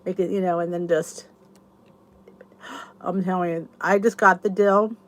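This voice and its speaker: A woman's voice: lowish voice, fairly even intonation, a little slow. Chatty woman host rambling to viewers. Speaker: YouTube channel host. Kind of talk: casual chat to viewers.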